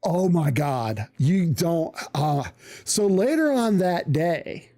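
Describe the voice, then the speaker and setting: A man casually telling a profane story on a live stream, animated and acting out the voices of people he quotes. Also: on the high side, slow pace.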